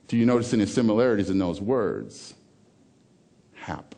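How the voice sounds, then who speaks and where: A man giving a motivational talk on stage, emphatic, repeating key phrases and swinging between loud lines and hushed ones. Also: fairly low pitch, expressive, slow, creaky, pauses often, a little hiss or hum. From American South. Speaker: motivational speaker. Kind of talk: TEDx keynote talk.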